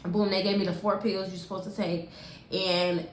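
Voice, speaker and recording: A young woman telling a personal story in a casual, animated way, using lots of slang and talking straight to her viewers. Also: mid-range voice, moderate pace. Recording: echoey room with faint hiss.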